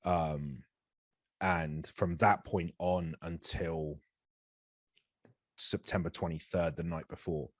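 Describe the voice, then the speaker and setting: A man's voice: deep voice, steady tone, slow, pauses often, husky, no room sound, clean studio sound. A man in his thirties, an actor guest telling a candid, self-deprecating story in an interview, rambling with frequent restarts.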